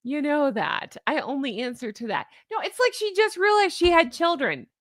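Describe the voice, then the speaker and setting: A woman's voice: high voice, sing-song, moderate pace, a bit bright, no room sound, studio quality. A woman hosting a livestream, chatting casually and opinionatedly with her viewers and reading their comments aloud. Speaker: livestream host. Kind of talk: casual commentary to a live chat.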